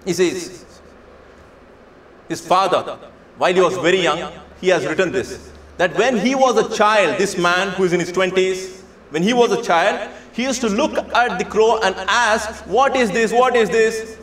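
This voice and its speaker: A man with a high-pitched, fairly bright voice lectures to students at a moderate pace, working a story into the talk. He's emphatic, repeating phrases and posing rhetorical questions. The room is echoey, with faint ambience in the background.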